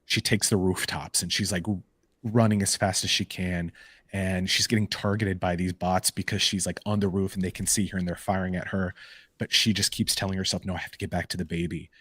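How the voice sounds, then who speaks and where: A man co-hosting a podcast, casually retelling comic book stories in an animated way with lots of "like" and "um". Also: sits low, a little fast, breathy edge, dry recording. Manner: animated storytelling full of "like" and "um" fillers. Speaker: podcast co-host. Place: live podcast recording.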